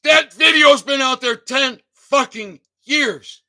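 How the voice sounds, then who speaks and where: A man hosting his own channel, delivering a fervent rant full of hammering rhetorical questions, often shouting, his voice cracking with emotion. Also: extremely high pitch, slow pace, hardly any pauses. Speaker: channel host. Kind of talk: impassioned livestream rant.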